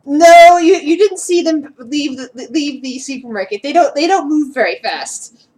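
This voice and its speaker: A woman's voice: high-pitched, expressive, a little slow, darkish tone. A woman running a tabletop game as game master, often restarting her words and giggling.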